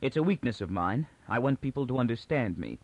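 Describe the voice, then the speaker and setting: A man voicing a calm, commanding male mutant mastermind in an audiobook, speaking in a measured, quietly menacing way. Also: mid-range voice, no room sound. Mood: calm, brooding. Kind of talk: audiobook character reading.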